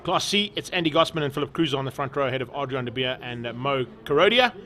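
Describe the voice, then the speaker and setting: A man calls a motorsport race live, his voice quick, sharp and full of lively intonation. Once the racing gets underway, he gets louder and his pitch climbs.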